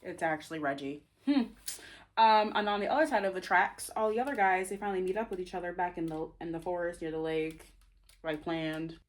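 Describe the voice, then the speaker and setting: A woman's voice: fairly low pitch, a little fast. A young woman casually retelling the plot of her own novel, chatty and full of fillers, often breaking into giggles.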